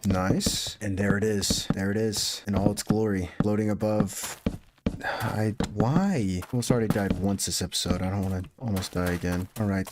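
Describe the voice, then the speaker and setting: A man giving casual, excitable commentary to himself as he plays a video game. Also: lowish voice, moderate pace, background noise. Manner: chatty, excitable self-talk while playing. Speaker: gaming YouTuber. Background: background music.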